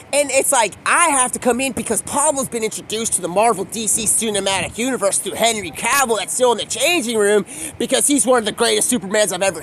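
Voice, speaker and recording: A man's voice: high-pitched, a bit bright, slight background noise. A man talking in a casual, rambling monologue, free-associating from one thing to the next in slangy speech. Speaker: video creator.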